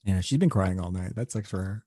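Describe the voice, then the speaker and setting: A man co-hosting a podcast who chats casually in a wry, relaxed way. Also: low voice, a little fast, no echo, studio quality. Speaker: podcast co-host. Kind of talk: casual chat recapping a reality show.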